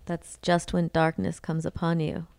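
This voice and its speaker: A woman co-hosting a podcast, chatting casually in a hesitant, halting way. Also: low voice, completely flat delivery, creaky, a little mellow, no echo, studio quality. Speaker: podcast co-host. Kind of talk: casual chat.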